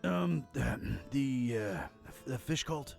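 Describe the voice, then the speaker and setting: An awkward hero in a cult disguise, gravelly in tone, with a dry, hesitant wit. Game music sits faintly behind him. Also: male voice, medium pitch, lively intonation, extremely slow, full character voice. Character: awkward male hero posing as a cultist. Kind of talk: video game voice acting.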